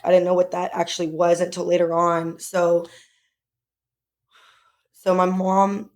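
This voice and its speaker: A young adult woman co-hosting a podcast, telling a personal story in casual, emotional chat with many fillers. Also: on the low side. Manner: emotional, tearful at times, filler-heavy. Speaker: podcast co-host.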